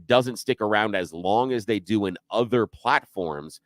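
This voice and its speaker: Low-voiced man explaining on talk radio. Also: unhurried, dry recording. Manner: explains steadily, with asides. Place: radio studio.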